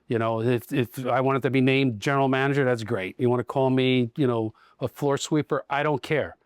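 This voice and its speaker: A man's voice: medium pitch, fairly even intonation, normal speed, clear, resonant tone, dry recording, clean studio sound. A middle-aged man, a dealership general manager, talking casually in a podcast interview and telling stories with acted-out dialogue. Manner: storytelling, acts out quoted dialogue.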